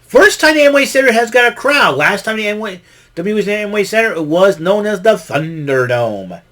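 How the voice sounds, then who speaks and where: A man's voice: high-pitched, very animated, brisk, fairly bright tone. A man casually recapping a wrestling show, rambling with many fillers and restarts and chuckling often. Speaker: podcast host recapping wrestling.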